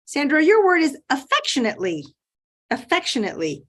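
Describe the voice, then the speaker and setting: A woman acting as spelling bee pronouncer, enunciating each word slowly and clearly over a video call. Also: high voice, wildly swooping pitch, fairly bright tone. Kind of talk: reading words and sentences aloud.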